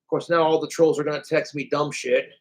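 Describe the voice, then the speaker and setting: A man rambling straight into his camera in a casual vlog. His voice sits a little high, and he curses and groans as he drifts from thought to thought. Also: flat delivery, fairly quick. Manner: rambling, cursing, groaning and sighing. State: in pain from a hurt toe. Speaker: vlogger.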